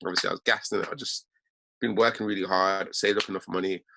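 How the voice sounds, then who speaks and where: A man's voice: sits low, steady tone, creaky, noisy background. A young man, telling a rambling story in heavy street slang. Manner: slangy, fast, peppered with innit and bruv. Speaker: host.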